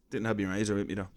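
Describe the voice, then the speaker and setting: The voice is fairly low in pitch and darkish in tone. It belongs to a thirtysomething Irish comedian who tells a comic story conversationally, poking wry fun at himself.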